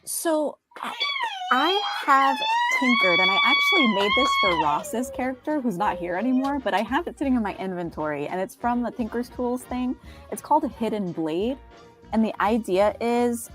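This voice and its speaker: A woman's voice: medium pitch, fairly bright tone. A woman playing a tabletop game, explaining a rule to the game master with fillers. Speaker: player.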